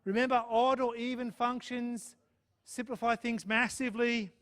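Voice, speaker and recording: Male math lecturer, high-pitched, chatty and checking in with the class. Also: level tone, normal speed, fairly bright tone. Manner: chatty, checks in with "okay?" and "right?". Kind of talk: live lecture with student questions.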